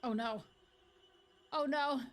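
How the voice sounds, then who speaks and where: A young woman on a live game stream with a high voice and an unhurried way of talking. She chats playfully with her viewers and reacts loudly to what happens on screen.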